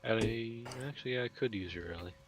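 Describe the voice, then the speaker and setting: A man's voice: lowish voice, brisk. A man playing with friends, talking in a hesitant, sleepy, mumbling way. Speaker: co-player. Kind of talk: casual gaming chat.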